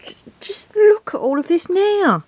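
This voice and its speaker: A craft vlogger chats indoors in her home craft room, her voice very high-pitched and very animated yet unhurried, with background noise present. She rambles, muses aloud and talks to herself while sorting her belongings.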